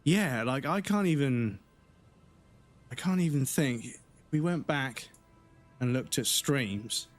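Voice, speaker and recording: A man streaming live, chatting casually and rambling, swearing freely, his throat slightly rough and dry. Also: mid-range voice, lively intonation, takes it slowly, pauses often, faint music behind.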